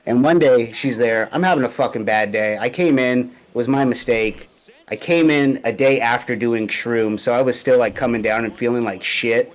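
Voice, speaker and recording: A young man speaks at an ordinary middle pitch on a laid-back podcast. His speech is loose and slangy, heavy with swearing and casual filler. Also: normal speed. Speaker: podcast co-host. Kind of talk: casual profane chat.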